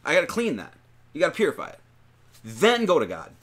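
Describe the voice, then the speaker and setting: Animated bright-voiced man preaching casually. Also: fairly high pitch, fairly quick. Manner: animated, slangy, reads verses then riffs with rhetorical questions. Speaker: lay preacher. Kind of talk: informal sermon on scripture.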